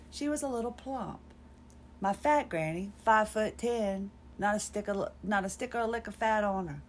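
A woman's voice: medium pitch, a little slow. A woman, telling a rambling personal story on her podcast in a wry, self-deprecating way. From North Carolina, USA. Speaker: podcast host.

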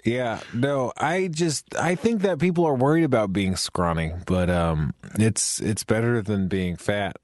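A man's voice: fairly low pitch, measured pace, few pauses, no room sound, clean studio sound. A man hosting a casual podcast chat, joking and rambling as he tells stories. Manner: joking, rambling, animated storytelling.

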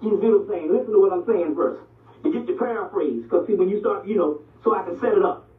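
High-voiced man lecturing over a tinny, echoey line. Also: fast talker. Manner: blunt and profane, repeatedly asks "you see what I'm saying". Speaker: lecturer on ancient Egyptian history and religion. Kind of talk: animated street-talk lecture. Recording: distant, echoey, phone-like lo-fi recording.

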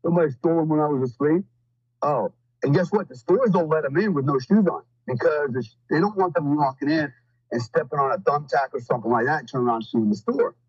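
A man's voice: on the high side, fast talker, husky, no room sound, muffled recording. A man talking as a podcast guest, telling stories in a blunt, profane, rambling way with lots of fillers. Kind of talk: casual storytelling.

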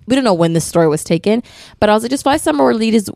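A woman's voice: on the high side, lively intonation, racing, creaky, dark tone, no room sound, studio quality. A woman co-hosting a casual podcast, reading stories aloud and chatting about them. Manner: laughs often, reads then comments.

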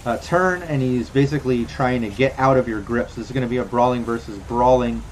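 A man's voice: medium pitch, a little fast, slight background noise. A man acting as game master, narrating and ruling on a tabletop game in a loose, rambling way. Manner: loose, rambling, lots of fillers.

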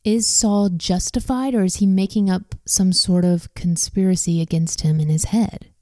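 Low, mellow woman leading Bible study. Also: no echo, studio quality. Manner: calm, questioning, measured. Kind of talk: scripture reading with discussion questions.

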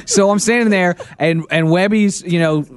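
A man, co-hosting a radio show, telling a story in animated casual banter and laughing at himself. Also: high voice, normal speed. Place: radio studio.

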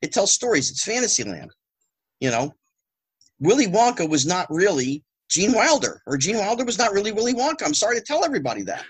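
Animated husky-voiced man on a podcast. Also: high voice, fairly quick. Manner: animated, rhetorical, exasperated asides. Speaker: guest, former child actor. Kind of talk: casual podcast conversation.

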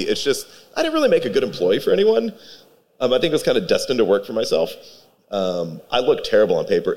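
Man, interview guest, low voice, rambling, lots of fillers and restarts. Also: a little mellow. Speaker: guest, pitmaster. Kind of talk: casual interview chat.

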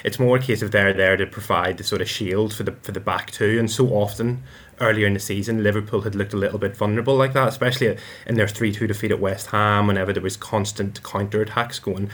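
A man's voice: fairly low pitch, fairly even intonation, fast talker, a bit bright. A man analysing football matches on a podcast, often stumbling and repeating his words. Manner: hesitant, many repeated words. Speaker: football pundit.

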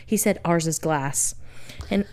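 A woman's voice: low-pitched, a little slow, darkish tone. A young woman co-hosting a podcast, retelling a dating story by reading out text messages, often laughing. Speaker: podcast co-host. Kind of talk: casual chat, retelling a date story.

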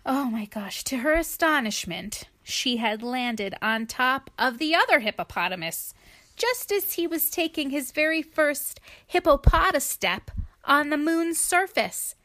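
A woman reading a picture book aloud to a child in a gentle, playful voice, pausing to explain and chat. She speaks slowly, with a slightly raised pitch. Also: animated. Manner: gentle, playful, with chatty asides. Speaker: reader to a child.

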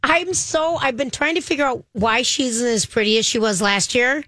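A chatty, theatrical woman co-hosting a gossip chat. Her voice sits a little higher than most women's, and it sounds close and dry. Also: bright, forceful tone, no room sound. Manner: chatty and theatrical, quick to laugh. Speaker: podcast co-host. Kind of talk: casual chat.

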